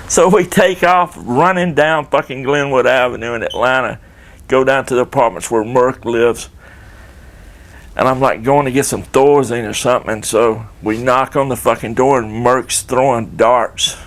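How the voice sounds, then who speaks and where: Older man, gravelly voice, loose profane storyteller, mid pitch. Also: fairly even intonation, normal speed. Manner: rambling, profane, laid-back. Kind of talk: casual storytelling.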